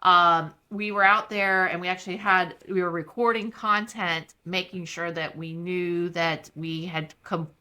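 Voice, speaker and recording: A woman's voice: lowish voice, steady tone, unhurried, few pauses, bright, forceful tone. A middle-aged woman hosting a casual interview, upbeat and chatty, laughing easily. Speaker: host.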